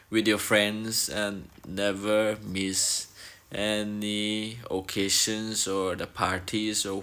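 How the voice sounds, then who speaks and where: Young guy vlogging in his room, kinda low voice, talks slow, earnest, keeps repeating himself. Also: pushed and bright. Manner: earnest, repeats phrases, loose and searching wording. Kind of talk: casual reflective vlog talk.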